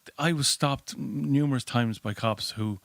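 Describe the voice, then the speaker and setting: An Irish man spinning anecdotes in an easy, casual way, slipping into the voices of people in his stories. His tone is bright and forceful, at a middle pitch, and the close recording is dry with little room sound. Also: normal speed, gravelly, dry recording. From Ireland. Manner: animated storyteller, acts out voices. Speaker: guest comedian.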